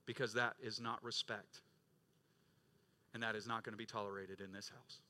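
Man preaching with a bright, emphatic voice. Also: level tone, moderate pace. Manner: preaching with swings between loud emphatic peaks and quiet low stretches; acts out quoted voices of congregants and Jesus. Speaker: pastor. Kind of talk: sermon.

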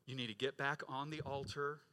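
A middle-aged male pastor preaching a sermon, rising to loud emphatic peaks and dropping to quiet low stretches, acting out quoted voices. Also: little pitch movement, brisk, slight background noise. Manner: acts out quoted voices of congregants and Jesus.

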